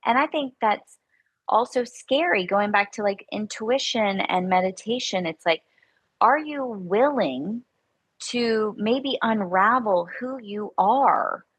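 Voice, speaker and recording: A woman's voice: medium pitch, animated, takes it slowly, slightly rough. A middle-aged woman, an entrepreneur and mom, talking reflectively as a podcast guest and agreeing readily. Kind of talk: casual spiritual conversation.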